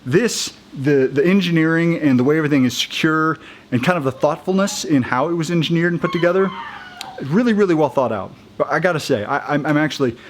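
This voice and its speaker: A man talking casually in a how-to video, halting and upbeat, with many restarts and fillers as he works. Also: on the high side, animated, slight background noise. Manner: chatty and upbeat. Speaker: vlogger installing a roof rack.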